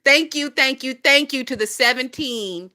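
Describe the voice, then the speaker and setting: A woman's voice: high voice, moderate pace, sharp tone. A woman in her twenties with a Southern US accent, chatting casually on a phone livestream, swearing and laughing often as she gossips. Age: 20s.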